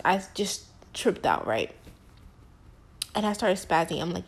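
A woman's voice: on the low side, very animated, measured pace, long pauses, slightly rough. A young woman telling a personal story to the camera in a casual, slangy, emphatic way. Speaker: vlogger.

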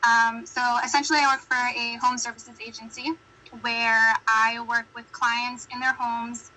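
A young American woman chatting as a podcast guest, telling stories quickly and laughing often. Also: a little high, level tone, sharp tone, slight background noise, rough recording. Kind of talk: casual chat.

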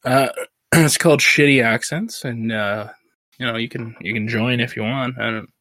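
A man's voice: mid-range voice, normal speed, no room sound, studio quality. A man co-hosting a podcast, stuffy from a sinus infection, telling stories with frequent laughter. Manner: laughing, animated storyteller. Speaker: podcast co-host. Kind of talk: casual chat.

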